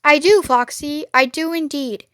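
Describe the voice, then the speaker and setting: Woman doing a gentle kindly badger, storybook, mild, high bright voice. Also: unhurried, no echo, clean studio sound. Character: gentle, kindly male badger, cautious friend.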